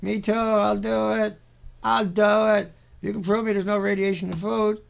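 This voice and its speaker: Gravelly, sarcastic ranting man. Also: high voice, takes it slowly, pauses often. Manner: mocking, sarcastic, repetitive. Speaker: video commentator. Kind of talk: sarcastic ranting commentary over pictures.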